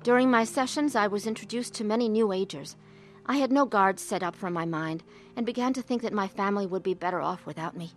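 A woman's voice: mid-range voice, fairly quick, lightly acted. Brief: actress as a troubled middle-aged woman, earnest narration, faint music behind. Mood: somber. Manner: earnest, emotional. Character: troubled woman telling her own story. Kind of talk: radio drama narration and acting.

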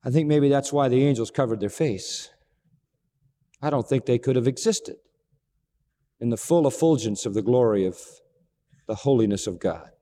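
A man preaching a sermon, expressive, asking rhetorical questions and acting out dialogue. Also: mid-range voice, normal speed, long pauses. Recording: long reverb of a large hall.

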